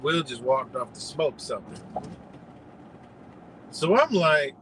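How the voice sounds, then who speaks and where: A man hosting a live stream, telling a story in a loose, profane, animated way and laughing often. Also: fairly high pitch, takes it slowly, pauses often, a little hiss or hum, poor audio. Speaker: livestream host.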